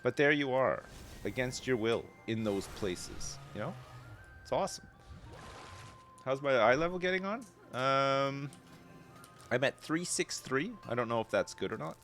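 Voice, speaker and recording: A man in his thirties streams games from his home setup, chatting casually with viewers and rambling loosely from one thought to the next. His mid-range voice is expressive and a bit bright, moving at a measured pace with long pauses, and faint music plays behind him. He's chatty, answers chat, and swears casually.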